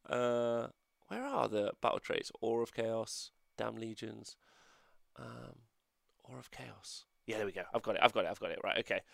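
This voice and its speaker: A man's voice: medium pitch, measured pace, vocal fry, no room sound, studio quality. A man hosting a casual livestream review, rambling and joking and swearing as he goes. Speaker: host.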